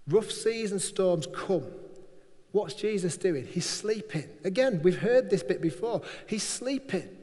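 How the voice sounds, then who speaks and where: A man's voice: high-pitched, expressive, a little slow, a little mellow, big-room sound. A man preaching a sermon, emphatic and repetitive, often acting out quotes.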